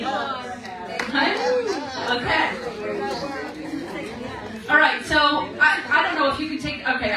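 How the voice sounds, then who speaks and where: Chatty woman in her sixties, echoey room. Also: high voice. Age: 60s. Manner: chatty storyteller, laughs often, asks "okay?". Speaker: guest speaker at a women's meeting. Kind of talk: casual encouraging talk. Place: meeting room. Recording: very echoey room, recorded from far off.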